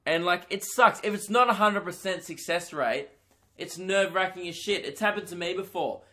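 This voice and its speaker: A young man hosting a solo comedy podcast, telling a rambling, animated story full of swearing and filler words. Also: sits high, moderate pace.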